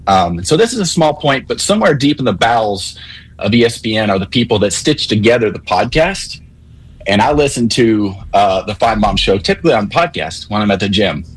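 A man calling in to a sports talk radio show, explaining things in a measured, methodical way. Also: on the low side, very animated, husky, low-quality recording. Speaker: caller.

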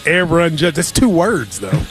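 Playful high-voiced radio host. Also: male voice, unhurried, faint music behind. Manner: wry, playful, lively banter. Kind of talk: casual sports betting chat.

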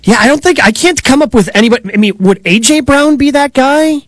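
A man's voice: very high voice, animated, fairly quick, fairly bright tone, no room sound. A man co-hosting a sports talk radio show, explaining his views in a casual, agreeable way.

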